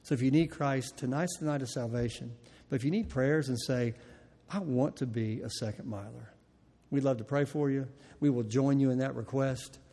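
A man's voice: medium pitch, normal speed, mellow. A man preaching a Wednesday night sermon, folksy and earnest, telling a personal story and speaking straight to the congregation. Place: church hall with long reverb. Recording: church hall reverb.

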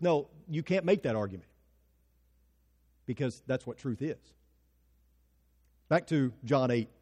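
A man preaching a sermon as pastor, emphatic, asking rhetorical questions and dropping to quiet, pointed lines. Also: fairly high pitch, long reverb tail.

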